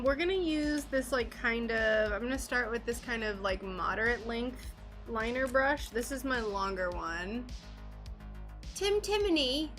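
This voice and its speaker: High-voiced bubbly woman chatting slowly. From United States. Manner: bubbly and chatty, greets viewers warmly by name. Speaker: craft streamer. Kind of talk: casual live-stream chat while painting glass.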